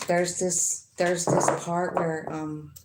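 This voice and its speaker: Chatty woman in an echoey room. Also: lowish voice. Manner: rambling, chatty, with frequent fillers and swearing. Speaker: tarot reader. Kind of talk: casual tarot reading. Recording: echoey room with faint noise.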